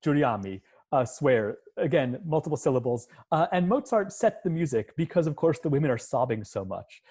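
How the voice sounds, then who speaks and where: Speaking at a normal pace in a slightly high, sing-song voice that's a little mellow with a breathy edge, a male music professor delivers an online lecture. He explains scenes step by step, hums musical lines at times, and is heard through a computer mic on a video call.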